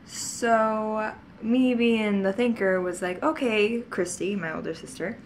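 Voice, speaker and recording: A woman's voice: medium pitch, takes it slowly, slight background noise. A woman vlogger telling childhood stories in a casual, rambling way, often laughing and adding asides. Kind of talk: casual storytelling to camera.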